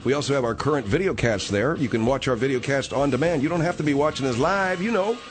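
A man's voice: medium pitch, fast, soft background music. A man hosting a radio talk show, bickering with his co-host and coughing from a tickle in his throat. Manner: exasperated, bickering.

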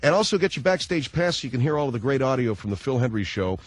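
A man's voice: mid-range voice, big pitch swings, quick pace, soft background music. A man hosting a radio talk show, telling a sardonic comic rant in a studio. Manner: sardonic, ranting storyteller. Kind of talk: comedic radio monologue.

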